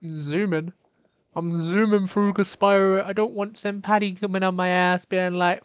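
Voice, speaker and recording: A woman's voice: medium pitch, steady tone, a little slow, no echo. A woman streamer giving playful, profane, casual commentary while playing a game.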